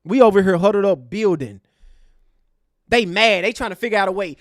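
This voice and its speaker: A man's voice: sits high, a little fast, no echo, clean studio sound. A man hosting an online show, delivering a fiery, preachy rant to his live chat. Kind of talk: impassioned livestream rant.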